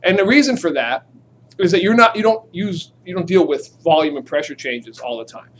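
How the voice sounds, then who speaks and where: Animated high-voiced male chemistry teacher. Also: a little fast, slight background noise. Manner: animated, joking, talks to students directly. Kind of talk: classroom lecture with demonstration. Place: classroom.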